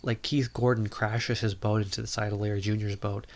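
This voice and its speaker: A man's voice: fairly low pitch, level tone, a little fast. A man hosting a podcast, recapping a movie plot in a casual, rambling way full of filler words, talking from a room at home. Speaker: podcast host.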